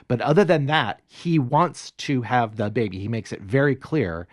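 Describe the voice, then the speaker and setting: A man's voice: medium pitch, normal speed, no room sound, clean studio sound. A man co-hosting a podcast, recapping a TV episode in casual chat, acting out quoted lines and laughing often. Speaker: podcast co-host.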